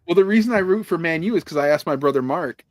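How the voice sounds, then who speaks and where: Chatty podcast host guy, kinda high voice, dry close sound, laughs a lot while he rambles. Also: animated, quick pace, no echo. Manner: rambling, laughing storyteller who swears freely. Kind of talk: casual chat.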